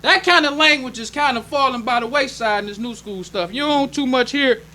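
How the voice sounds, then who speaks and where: Guy preaching a sermon, real high voice, bright and punchy, repeats himself a lot, talks plain and casual. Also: fairly quick. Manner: emphatic preaching with repeated phrases; plainspoken, conversational delivery. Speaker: minister.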